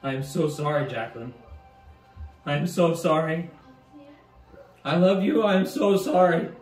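A man's voice: a little high, slow pace, dark tone, far from the mic, soft background music, pitched above the performer's own voice. A man voicing a wounded, grieving male warrior who cries out in anguish, recorded in a roomy space slightly off the mic. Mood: screaming grief.

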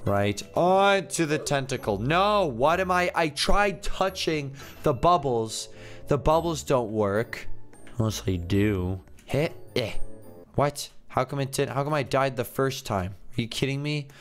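A man's voice: mid-range voice, lively intonation, a little slow, faint music behind. A man giving casual, jokey commentary as he plays a video game, often thinking aloud and confused. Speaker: gaming YouTuber.

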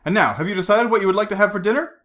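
A man reading aloud, voicing a suave secret agent who speaks in a crisp, assured way. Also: high voice, rapid-fire, fairly bright tone, voice pushed up. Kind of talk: audiobook character reading.

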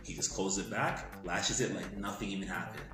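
A man's voice: low-pitched, normal speed, music in the background. Swearing man retelling a movie, echoey room. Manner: animated, profane movie retelling with sound effects. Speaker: podcast co-host. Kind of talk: casual storytelling chat.

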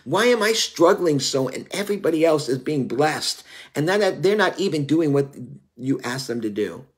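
A man's voice: on the high side, lively intonation, moderate pace. Earnest preacher man in his fifties. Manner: earnest, confessional, many "you know" fillers. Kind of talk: sermon.

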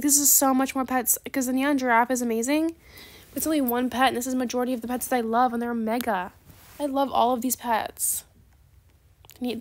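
Woman chatting over a trading game, kinda high voice, super dramatic and sarcastic, gasps then quiet asides. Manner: chatty, calls viewers "besties". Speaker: gaming video creator. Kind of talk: casual gameplay commentary.

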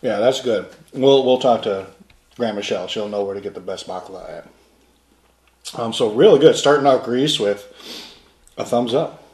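A man hosting a casual snack taste test, chatty and relaxed, often laughing between bites. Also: on the low side, normal speed, pauses often. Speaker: snack reviewer host. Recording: echoey room.

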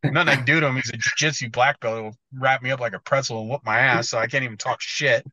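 A man's voice: mid-range voice, steady tone, quick pace, pushed and bright, no echo, lo-fi sound. An American man talking as a guest in casual podcast chat, blunt and swearing freely, often stumbling over restarts. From United States. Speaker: guest motocross editor.

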